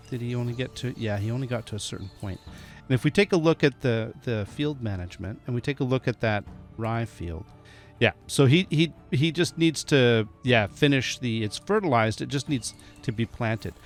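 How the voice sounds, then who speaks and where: A man giving casual, chatty gameplay commentary, often laughing and talking to the animals in the game. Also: mid-range voice. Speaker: gameplay streamer. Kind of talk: casual let's-play commentary.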